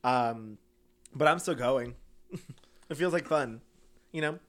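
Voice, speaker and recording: A man's voice: mid-range voice, slow, fairly bright tone. A man co-hosting a casual true crime podcast, laughing often and trading teasing banter. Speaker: podcast co-host.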